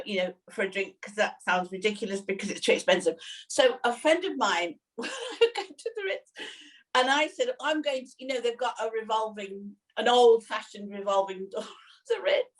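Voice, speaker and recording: A high-pitched woman co-host laughs her way through an embarrassing story, words tumbling out between giggles. Her voice sits some way from the microphone, sounding distant. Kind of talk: casual chat, telling an anecdote. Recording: voice distant from the mic.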